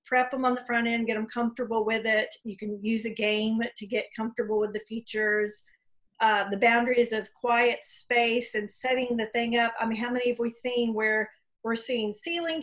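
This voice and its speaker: A woman with a fairly high voice hosts a relaxed conversation over a video call. She is chatty and encouraging and laughs easily between questions. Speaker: host. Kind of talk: casual video-call interview.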